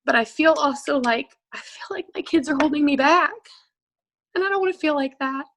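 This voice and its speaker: A woman in her thirties, a coaching client, talking through her feelings in a raw, emotional, halting way with many restarts. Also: high voice, a bit bright, low-quality recording. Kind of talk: emotional live coaching session.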